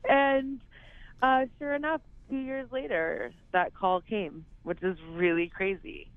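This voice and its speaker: Rambling actress on a tinny phone line. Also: female voice, a little high, level tone, takes it slowly, clear, resonant tone, dry recording. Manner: rambling, heavy use of "like" and "you know". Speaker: actress, interview guest. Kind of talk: casual phone interview.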